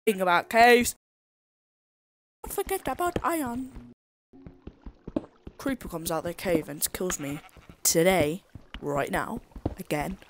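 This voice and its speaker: Excitable woman rambling through gameplay. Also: fairly low pitch, slow pace, pauses often, noisy background. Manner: excitable, rambling self-talk, swears at the game. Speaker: gameplay video creator. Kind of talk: gameplay commentary.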